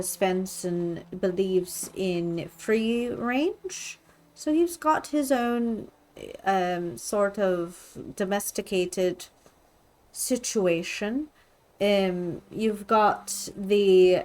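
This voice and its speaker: A woman's voice: mid-range voice, darkish tone. A woman narrating as game master of a tabletop game, hesitant, with frequent ums.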